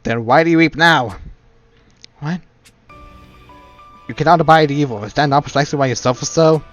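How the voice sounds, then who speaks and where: A man voicing a calm, wise male mentor knight who speaks in a steady, earnest, consoling way. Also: on the high side, normal speed, dull audio, soft background music, natural voice.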